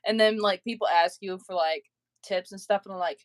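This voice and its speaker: A woman's voice: medium pitch, fairly quick, no echo. Chatty woman livestream host, dry sound. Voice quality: filler-heavy, laughs often while telling stories. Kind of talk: casual chat.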